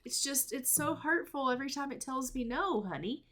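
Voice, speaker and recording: A woman voicing a young wife in a life-sim game story, talking softly and plaintively. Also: sits high, animated, normal speed, pitched above the performer's own voice. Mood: hurt. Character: young wife, hurt and anxious about children.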